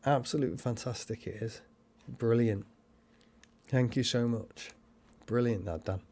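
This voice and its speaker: A man's voice: mid-range voice, measured pace, creaky, mellow. A man hosting a paranormal livestream, chatting casually and rambling as he reads cards and comments. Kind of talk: casual live-stream chat and card reading.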